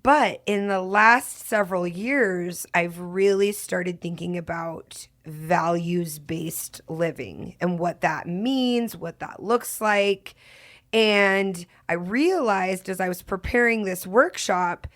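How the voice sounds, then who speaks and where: A woman's voice: fairly low pitch, takes it slowly, a bit bright. A woman hosting a podcast in casual, effusive chat, laughing often as she talks. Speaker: podcast host.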